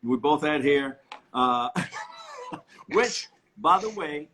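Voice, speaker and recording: A man's voice: fairly high pitch, very animated, very slow, pauses often, bright, forceful tone, slight background noise. A man interviewing a guest in casual chat, enthusiastic and laughing often. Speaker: interviewer, co-owner of studio.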